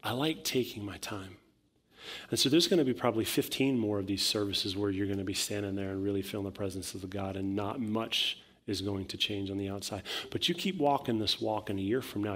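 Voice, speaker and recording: A man preaching a sermon as pastor, talking casually, acting out voices and building to loud, emphatic preaching. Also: lowish voice, fairly quick.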